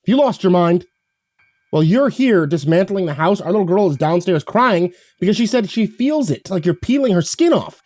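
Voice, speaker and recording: A man's voice: mid-range voice, brisk, no echo, close to an everyday voice. Man playing a frantic, angry husband. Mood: furious. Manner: bursts into shouting, then calms.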